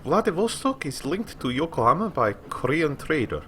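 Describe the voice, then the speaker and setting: A man voicing a chatty, helpful young woman companion in a story game, with a bright, informative manner. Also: a little high, sing-song, moderate pace, a little hiss or hum, pitched above the performer's own voice.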